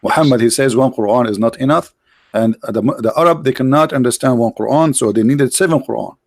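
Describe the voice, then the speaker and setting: Casting note: a man, Indonesian first language, gravelly voice, dry close mic, repeats challenging questions. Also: medium pitch, brisk, a little mellow, dry recording. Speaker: debate host. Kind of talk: live-stream debate.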